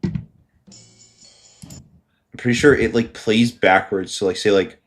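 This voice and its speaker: A man's voice: on the low side, steady tone, takes it slowly, faint music behind. Rambling, swearing young-sounding man. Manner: rambling, heavy on fillers and swearing, laughs often. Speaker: podcast co-host. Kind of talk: casual chat.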